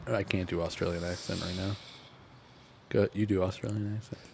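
A man's voice: low voice, level tone, fairly quick, creaky, a little mellow, a little hiss or hum. A man co-hosting a casual podcast, blunt and profane, joking rants. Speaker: podcast co-host. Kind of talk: casual chat.

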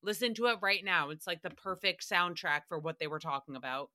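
A woman's voice: lowish voice, animated, fairly quick, sharp tone, no echo, studio quality. A woman hosting a casual solo recap podcast, ranting in a sassy, profane way and slipping into mock voices for quotes. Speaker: podcast host.

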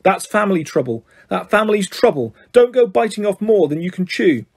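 A man voicing a fussing, sharp-tongued motherly witch who scolds. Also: high-pitched, sing-song, fairly quick, breathy edge, pitched above the performer's own voice, full character voice. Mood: fretful.

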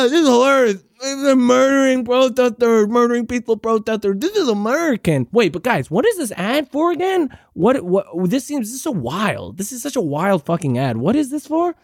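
A man's voice: high-pitched, darkish tone, no echo, studio quality. Sarcastic, profane ranting male podcast host. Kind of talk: ranting reaction commentary.

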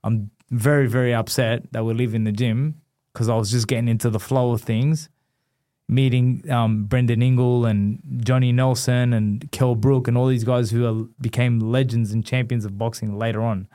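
A man from Australia, a guest on an interview show, telling a long personal story at an ordinary, middle pitch. He is animated and lively, slipping into the voices of the people he quotes. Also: normal speed. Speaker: guest, former boxing champion.

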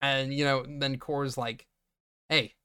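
A man's voice: medium pitch, takes it slowly, clear, resonant tone. Man recapping a film, acting out scenes. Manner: animated retelling, acting out lines, laughing often. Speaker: podcast co-host. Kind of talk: casual movie recap chat.

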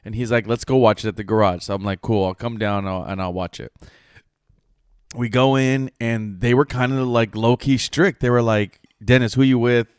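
Animated, swearing storyteller man, dry sound. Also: mid-range voice, normal speed, clear, resonant tone, no echo. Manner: animated storyteller, acts out quotes, swears casually. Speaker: podcast co-host. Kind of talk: casual storytelling chat.

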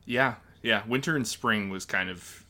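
A man co-hosting a podcast in relaxed casual chat, laughing easily as he talks. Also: on the low side, unhurried. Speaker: podcast co-host.

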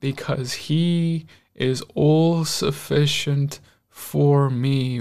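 Slow, gravelly-voiced man preaching earnestly. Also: mid-range voice, darkish tone. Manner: earnest, emotional, pausing often. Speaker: host. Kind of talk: devotional sermon-style talk.

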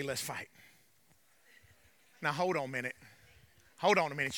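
High, bright-voiced preacher. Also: male voice, moderate pace, long pauses. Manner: lively preaching with call-and-response asides. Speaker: pastor. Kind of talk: sermon. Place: church.

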